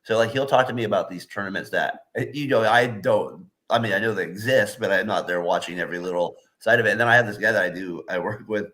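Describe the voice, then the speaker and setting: A man's voice: fairly low pitch, fast, few pauses, a bit bright. A man co-hosting a sports podcast in casual chat, rambling with lots of fillers and laughing often. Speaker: podcast co-host.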